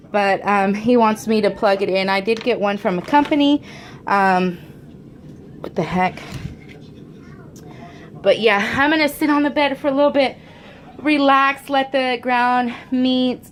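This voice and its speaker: A woman's voice: a little high, a little hiss or hum. Chatty woman vlogging at home. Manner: chatty and rambling, many fillers and restarts; homey, says "y'all". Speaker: vlogger and mother of four. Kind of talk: casual chat to camera. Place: at home, indoors.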